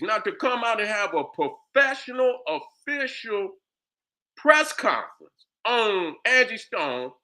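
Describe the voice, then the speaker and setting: A man's voice: very high voice, pushed and bright. A man hosting a heated commentary rant, angry and profane, firing off rhetorical questions. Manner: repeats "you understand what I'm saying". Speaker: host commentator.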